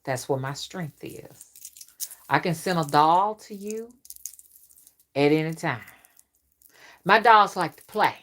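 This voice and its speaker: Stern woman, lowish voice. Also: a bit bright. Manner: stern, warning, drawn-out emphatic storytelling. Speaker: rootwork spiritual reader. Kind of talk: casual storytelling monologue to camera.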